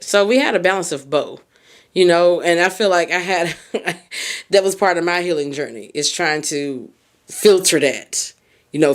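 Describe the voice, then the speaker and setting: A woman hosting a podcast, giving a casual motivational monologue in an emphatic, colloquial way, talking straight to the listener. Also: lowish voice. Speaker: podcast host and mindset coach.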